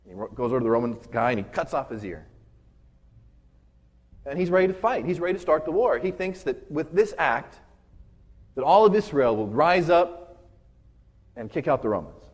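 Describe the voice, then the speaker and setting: A man's voice: fairly high pitch, big pitch swings, normal speed, long pauses. A man preaching a casual, conversational sermon, retelling a story and often checking in with "right?". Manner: casual, chatty, keeps asking "right?".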